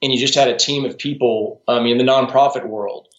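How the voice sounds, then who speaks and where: A guest on a podcast interview, this strengths coach has a mid-range voice with a steady tone and a fairly quick pace. He speaks casually and thoughtfully, restarting often and adding asides, while the recording has a roomy, dull, lo-fi sound.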